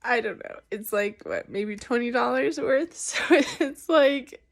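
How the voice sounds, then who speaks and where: A woman's voice: sits high, fairly even intonation, unhurried, vocal fry. A woman crying and laughing through tears as she vents in a rambling confessional vlog, recorded in her bus. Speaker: vlogger.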